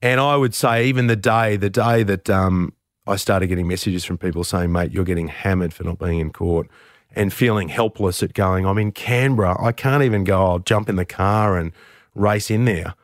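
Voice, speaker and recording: Self-deprecating man, low voice. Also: moderate pace, dry recording, studio quality. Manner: candid, self-deprecating, animated when telling anecdotes. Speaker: radio host, interview guest. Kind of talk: conversational storytelling.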